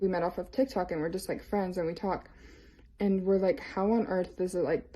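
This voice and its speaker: A woman's voice: fairly low pitch, warm tone, low-quality recording. A young woman telling a casual story time, rambling and full of fillers. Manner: filler-heavy, lots of "like".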